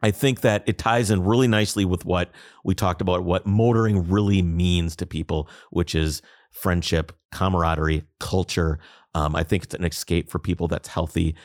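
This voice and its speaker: A man's voice: low voice, moderate pace, no echo, clean studio sound. A man co-hosting a podcast, talking in an emphatic, opinionated way. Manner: animated, emphatic, ranting. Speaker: podcast co-host. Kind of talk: casual opinionated chat.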